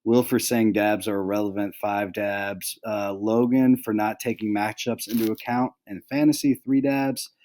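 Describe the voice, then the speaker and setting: A man's voice: lowish voice, level tone, moderate pace, few pauses, darkish tone. A young adult man hosting a casual fantasy football recap, rambling with lots of "like" and "um" and joking about his friends. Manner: rambling, full of "like" and "um"; jokey, handing out mock penalties to friends.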